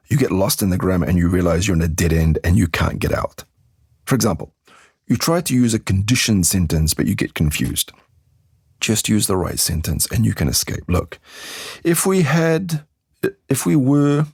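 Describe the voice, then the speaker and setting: A man with a very low, gravelly voice teaches English in a podcast lesson. He speaks with a husky edge and acts out example phrases to demonstrate intonation. The recording is dry and close. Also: no echo.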